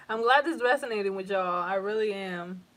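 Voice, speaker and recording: A woman's voice: medium pitch, a little slow, fairly bright tone. A young woman giving a casual tarot reading to camera, rambling and emotional, with frequent swearing and fillers. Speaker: tarot reader.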